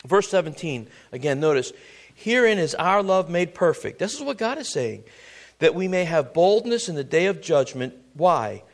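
A man preaching a sermon. He reads scripture slowly, asks his listeners rhetorical questions and builds to loud, emphatic exhortation. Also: fairly high pitch, big pitch swings.

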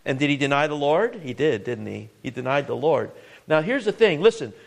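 Earnest preacher man, slightly high voice. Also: big pitch swings, fairly quick, vocal fry. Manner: earnest, repeats words, asks the congregation questions. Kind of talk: sermon.

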